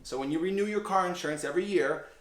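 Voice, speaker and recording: Excitable young man telling a story. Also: high voice, fast. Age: young adult. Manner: animated, profane, excitable storytelling. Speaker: vlogger and insurance agency owner. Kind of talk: casual storytelling to camera. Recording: roomy echo.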